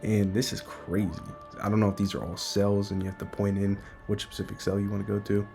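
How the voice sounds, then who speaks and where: A man's voice: on the low side, little pitch movement, brisk, creaky, darkish tone, soft background music. A man giving an enthusiastic, speculative casual breakdown of a manga chapter.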